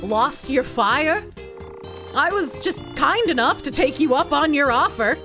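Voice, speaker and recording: A woman's voice: high voice, expressive, a little slow, music in the background. A woman voicing an arrogant male evil king who hurls grand insults in a game. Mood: scornful. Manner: haughty, insulting.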